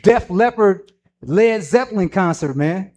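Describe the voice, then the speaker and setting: A man with a notably high voice leads a church Q&A, talking loose and slangy. He laughs a lot and slips into playful voices for people he quotes. He speaks into a microphone in a meeting room. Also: a little slow. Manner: animated, slangy, laughs often, acts out quotes. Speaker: church Q&A leader. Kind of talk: casual, joking Q&A talk.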